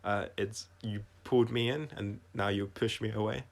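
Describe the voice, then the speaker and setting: A singer-songwriter explains his songs during a casual livestream, speaking softly in a lowish, steady voice with vocal fry. He sounds reflective and halting, restarting his thoughts often.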